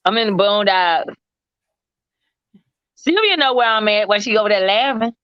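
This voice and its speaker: A woman's voice: medium pitch, animated, normal speed, clean tone, no echo, lo-fi sound. A woman from Mississippi, chatting casually and laughing as she talks. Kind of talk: casual chat.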